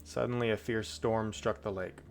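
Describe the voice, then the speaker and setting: Reading scripture aloud on a stream, a man keeps drifting into casual, chatty remarks. His creaky voice is on the low side, steady in tone, at a normal speed.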